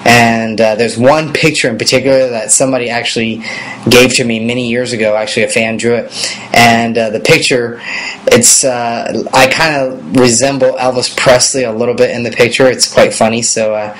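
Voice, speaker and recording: A man in his thirties, a pop singer, answering fan questions in a relaxed, rambling way, with many fillers. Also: medium pitch, moderate pace, rough recording. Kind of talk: casual video Q&A.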